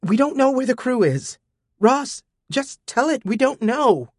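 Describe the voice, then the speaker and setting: Male narrator voicing a scared young woman, high, urgent, audiobook. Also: big pitch swings, a little slow, a little mellow, dry recording, clean studio sound, full character voice. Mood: frantic. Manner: frantic, urgent. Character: frightened young woman captive.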